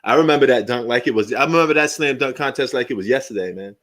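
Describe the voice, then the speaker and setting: A middle-aged man hosts a live sports stream in casual, off-the-cuff talk. He swears freely, jokes around, and drifts into fond memories as he talks. His voice sits at an ordinary, middle pitch. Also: fast, fairly bright tone. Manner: loose and profane, reminiscing and joking.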